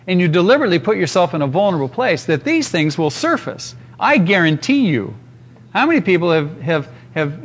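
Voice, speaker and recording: A man preaching a sermon as pastor, in an earnest, emphatic way with repeated phrases. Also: a little high.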